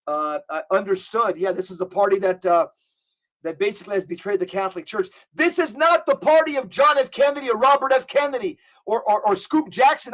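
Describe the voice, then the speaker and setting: A man with a notably high voice speaks as a guest commentator. He is fervent and preachy, stacking up long lists with rising emphasis. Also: a little fast, fairly bright tone. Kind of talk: impassioned political commentary.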